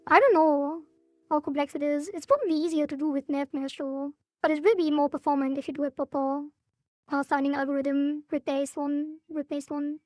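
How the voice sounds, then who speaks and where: Casting: high-pitched woman dev streamer, casual and hedging, voice a little cracked, faint music underneath. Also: fairly even intonation, normal speed, long pauses, a little mellow, dry recording. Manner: thinks aloud, hedging, frequent laughs. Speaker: game developer streamer. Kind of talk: casual live-stream chat.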